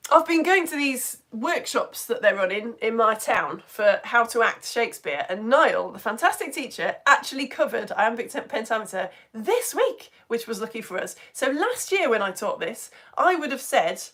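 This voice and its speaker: A woman from the UK teaching an online lesson in a chatty, animated way, often asking the listener questions. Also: fairly high pitch, moderate pace, hardly any pauses.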